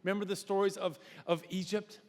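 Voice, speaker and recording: A man playing a calm old grandfather warrior, speaking in a hushed, reassuring voice. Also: sits high, fairly quick, in a large hall, close to an everyday voice.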